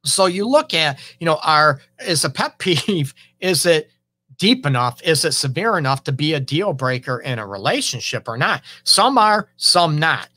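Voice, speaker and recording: A man's voice: on the high side, big pitch swings, moderate pace, bright, forceful tone, no echo. A man giving a casual monologue about relationships, conversational, often acting out quoted partners.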